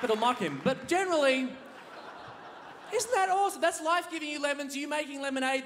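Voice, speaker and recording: A man doing a stand-up comedy set on a theatre stage, animated, dropping low to tell a story and shouting out the punchlines. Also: fast, a little hiss or hum. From Australia. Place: large theatre stage, laughing audience behind. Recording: live theatre recording with crowd.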